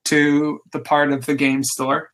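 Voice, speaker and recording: A man with a bright, forceful voice and a somewhat high pitch talks as a podcast guest. He rambles eagerly, stringing thoughts together with lots of "like" and short restarts. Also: completely flat delivery, measured pace. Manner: rambling, lots of "like" fillers, enthusiastic. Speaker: podcast guest, game designer. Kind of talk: casual interview chat.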